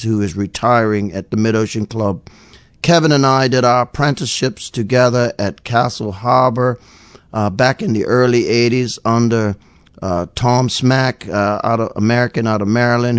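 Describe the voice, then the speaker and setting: A middle-aged man from Bermuda chatting casually on a radio call-in show, rambling and repeating words as he tells animated stories. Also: on the low side, clear, resonant tone, dry recording.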